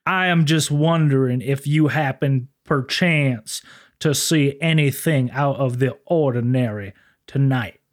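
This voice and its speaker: A man voicing an overly polite, old-fashioned male police officer who speaks slowly and formally. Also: medium pitch, lightly acted.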